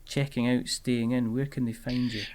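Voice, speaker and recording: A man hosting a casual podcast chat, chatty and quick to laugh. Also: medium pitch, little pitch movement, crowd noise. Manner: chatty, laughs often, lots of fillers. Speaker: podcast host.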